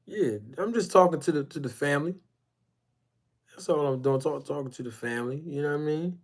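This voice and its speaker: A man hosting a casual boxing live stream, rambling and emphatic as he shouts out chat viewers by name. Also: on the high side, a little fast. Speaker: boxing YouTube channel host.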